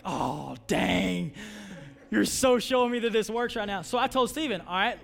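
A man's voice: high voice, fairly bright tone. A middle-aged male pastor preaching, moving from prayer into a conversational story told with frequent restarts. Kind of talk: sermon.

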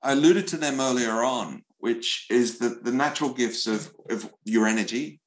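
A middle-aged man speaking as an interview guest, telling stories in an animated way, often repeating words as he goes. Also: mid-range voice, normal speed, rough recording. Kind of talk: conversational storytelling.

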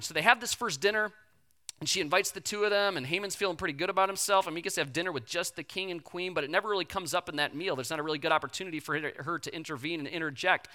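A preacher retelling a Bible story in a casual, animated sermon with slangy asides. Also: mid-range voice, very fast.

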